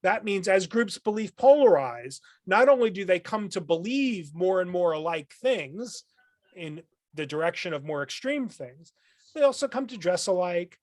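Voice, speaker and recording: A man's voice: sits high, big pitch swings, normal speed, no echo, studio quality. Thoughtful professor man explaining ideas. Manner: explanatory, lecturing, thoughtful with frequent um and restarts. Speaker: philosophy professor, guest. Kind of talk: podcast interview.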